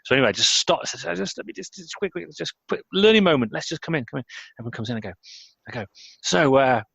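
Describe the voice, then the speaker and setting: A man's voice: fairly high pitch, sing-song, very fast, vocal fry, a bit bright, breathy edge, no room sound. A man hosting an interview podcast, rambling a little as he searches for words. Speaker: podcast host. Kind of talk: conversational interview. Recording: slightly dull, dry audio.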